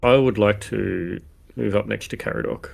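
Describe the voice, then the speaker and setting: A man playing a tabletop game who asks calm, probing questions in character. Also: fairly low pitch, normal speed, vocal fry, husky. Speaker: player. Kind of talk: tabletop role-play.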